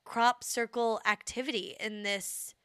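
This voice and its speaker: A young woman co-hosting a podcast, chatty and quick to laugh at herself. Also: on the high side, fairly even intonation, pushed and bright, smooth, no echo, studio quality. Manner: chatty, laughs easily, self-mocking. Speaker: podcast co-host. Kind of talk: casual chat.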